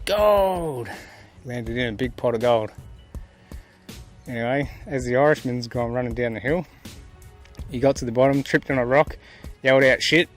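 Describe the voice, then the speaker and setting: A relaxed Australian man talks casually to the camera outdoors, his voice sitting at an ordinary middle pitch. He sounds hot and worn out but stays chatty and keen, with faint music playing underneath. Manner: relaxed, enthusiastic, chatty, tells jokes. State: hot and tired. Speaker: gold prospecting vlogger. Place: outdoors in the bush goldfields.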